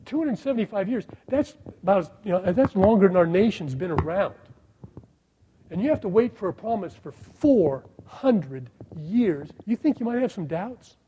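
A middle-aged male pastor with a fairly high, mellow voice. He preaches in a sermon style, firing rhetorical questions at his listeners and swinging from loud, stressed phrases to soft, hushed ones. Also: expressive, normal speed, slight background noise, poor audio.

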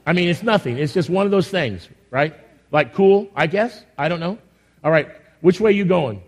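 A man with a high voice leads his congregation from the pulpit. He talks in a folksy, rambling way, full of enthusiasm and frequent restarts. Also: animated, moderate pace. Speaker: pastor. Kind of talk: church announcements and sermon. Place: church sanctuary.

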